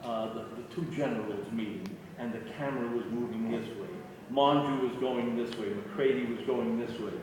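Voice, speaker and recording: An older man, a guest actor at a fan convention, telling an anecdote in an animated way and often repeating his words. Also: medium pitch, moderate pace, crowd noise. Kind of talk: storytelling Q&A anecdote. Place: convention hall. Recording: echoey hall from far off.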